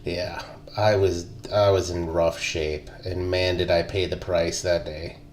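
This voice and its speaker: Deep-voiced laid-back veteran storyteller. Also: male voice, little pitch movement, a little slow, a little hiss or hum. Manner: laid-back, profane, laughs through stories. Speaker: podcast co-host, army veteran. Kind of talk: casual chat, storytelling.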